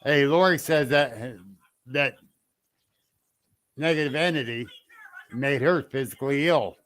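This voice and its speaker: A man hosting a casual talk about ghost hunting, chatting and greeting listeners in a relaxed way. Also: medium pitch, measured pace. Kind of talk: casual chat.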